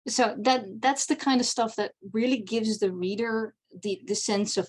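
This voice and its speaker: A woman's voice: mid-range voice, steady tone, moderate pace. A woman, a non-native English speaker, giving a chatty convention panel talk on writing, with many fillers and restarts. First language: not English. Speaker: panel presenter.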